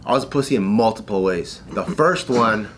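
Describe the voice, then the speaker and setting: A man in his thirties swaps stories on a casual podcast, cursing freely. He breaks into laughter and acts out gruff shouted lines. There is a faint hum of room noise behind him. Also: fairly low pitch, normal speed. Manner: profane, laughing storyteller acting out drill instructors. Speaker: podcast co-host telling a story. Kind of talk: casual chat.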